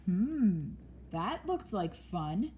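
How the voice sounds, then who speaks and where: A woman voicing a small, brave, fair-minded female mouse in a squeaky, eager voice. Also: big pitch swings, extremely slow, warm tone, slight background noise.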